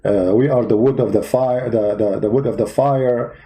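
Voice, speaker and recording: A man's voice: mid-range voice, steady tone, moderate pace, dark tone, rough recording. A man hosting a parody debate, asking sarcastic, mock-innocent questions. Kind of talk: comedy skit.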